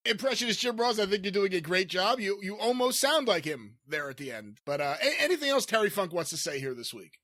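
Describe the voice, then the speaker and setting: A man's voice: high voice, big pitch swings, sharp tone. A man hosting a comedy podcast, giggly and playful in casual chat. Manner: giggly, quick to laugh, playful. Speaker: podcast host.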